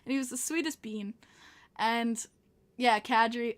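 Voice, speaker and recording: A woman's voice: a little high, a little slow. A young woman with a Long Island accent, hosting a podcast and telling stories in casual chat, laughing often. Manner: bubbly storytelling, laughing often. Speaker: podcast host.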